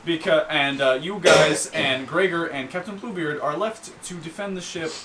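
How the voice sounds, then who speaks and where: Halting young man running a tabletop game. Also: on the high side, fairly bright tone, recorded from a distance, a little hiss or hum. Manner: halting, many fillers. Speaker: dungeon master. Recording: recorded amid group chatter.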